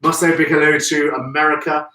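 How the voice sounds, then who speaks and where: A man's voice: fairly high pitch, level tone, fast, sharp tone. A man hosting a live stream, chatty and effusive, greeting viewers by name. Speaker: host of a live florist show. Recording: echoey room, distant from mic.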